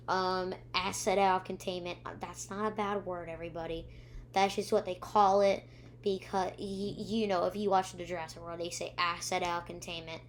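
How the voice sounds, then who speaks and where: A female reviewer recapping episodes in a rambling way, with many ums and restarts, acting out the characters' lines. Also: mid-range voice. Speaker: video reviewer.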